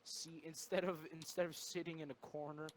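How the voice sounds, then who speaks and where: A man in a casual livestream chat, delivering dark jokes deadpan over a voice call. His voice sits slightly high. A faint hiss and clicks run underneath. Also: a little fast. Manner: joking, deadpan dark humor. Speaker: stream co-host.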